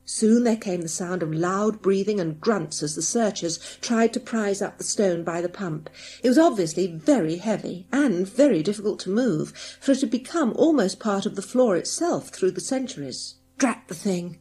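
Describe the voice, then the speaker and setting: A woman's voice: medium pitch, lively intonation, normal speed, dark tone, slight background noise. Woman reading a children's audiobook. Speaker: audiobook narrator. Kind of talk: scripted audiobook narration.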